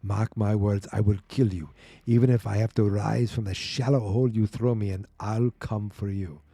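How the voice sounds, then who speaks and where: A man's voice: fairly low pitch, steady tone, moderate pace, gravelly, dark tone, no echo. A man doing a grim cornered spy. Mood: defiant. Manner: grim, defiant.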